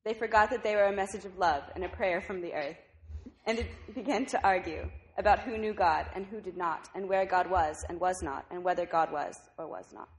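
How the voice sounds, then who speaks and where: A woman's voice: fairly low pitch, fairly quick. Woman reading a picture book aloud. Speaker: reader at a service.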